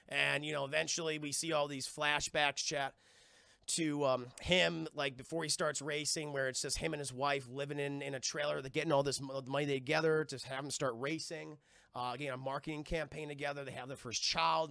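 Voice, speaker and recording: Male streamer, profane rambling recap, sharp tone, dry close sound. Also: a little high, steady tone, vocal fry, no echo. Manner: profane, rambling, keeps addressing chat; acts out quoted lines in quick voices. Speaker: streamer reviewing a TV episode. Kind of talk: casual livestream recap.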